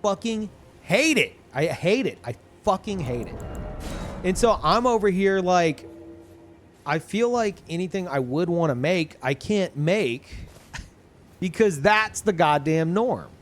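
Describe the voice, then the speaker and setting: A male streamer chatting casually to his viewers, rambling through fillers and false starts and swearing often. He calls his own voice monotone, yet his pitch rises and falls a lot. A faint hum of room noise sits under his voice. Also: a little slow. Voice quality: self-described monotone. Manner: rambling, many fillers and restarts, frequent swearing. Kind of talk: casual live-stream chat.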